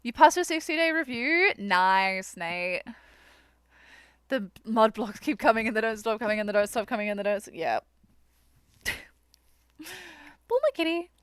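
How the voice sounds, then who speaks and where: Tired, a live streamer chats easily with her viewers while gaming, now and then slipping into baby talk for her cat. She speaks at normal speed in a mid-range, fairly bright, smooth voice. The audio has no echo.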